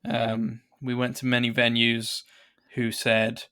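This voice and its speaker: A man co-hosting a film podcast, relaxed and self-mocking as he tells stories. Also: mid-range voice, takes it slowly, smooth. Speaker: podcast co-host. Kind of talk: casual chat.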